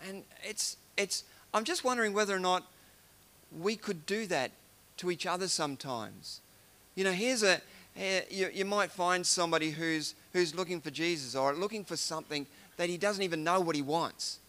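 A man's voice: sits high, moderate pace, bright, forceful tone. A man giving an informal devotional talk, musing aloud and retelling scripture in everyday words. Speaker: preacher.

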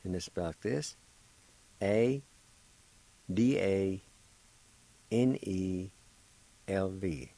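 Slow, patient man teaching pronunciation. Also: low voice, mellow, no echo, low-quality recording. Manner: slow, patient, spells out syllables one at a time; encouraging. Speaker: radio host teaching Cherokee. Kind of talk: spelling and pronunciation lesson.

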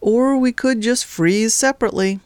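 A woman voicing a weary young man who speaks in a flat, wry way. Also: fairly low pitch, normal speed, dry recording, clean studio sound, close to an everyday voice.

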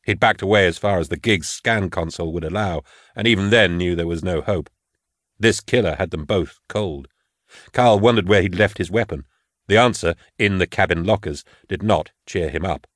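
Low-voiced guy narrating an audiobook, steady and grave, very dry sound. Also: normal speed, no echo. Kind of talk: scripted narration.

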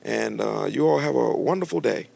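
A man's voice: mid-range voice, lively intonation, moderate pace, gravelly, darkish tone. A man voicing an older churchgoing woman who speaks plainly and courteously. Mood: polite.

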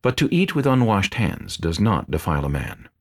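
A calm, authoritative teacher , voiced by a man reading aloud speaks in a low voice with measured, earnest phrasing. The pitch moves in a lively way, and the manner stays grave and composed throughout this dramatized scripture reading. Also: heavily acted. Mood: teaching.

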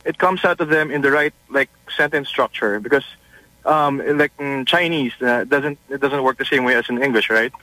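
Caller guy pitching an app, bright tense voice, stumbles and restarts. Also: moderate pace, dry recording, rough recording. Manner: hesitant, restarts often. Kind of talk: phone-in pitch of an idea.

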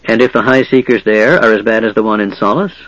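A man's voice: fairly low pitch, fast, a bit bright, no echo, highs cut off, natural voice. A man voicing a stern, proud knight who speaks curtly and grimly. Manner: curt, grim.

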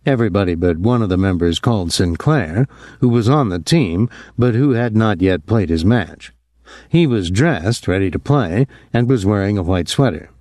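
Male audiobook narrator, steady storytelling, dark warm tone, dry close sound. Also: on the low side, normal speed, no echo.

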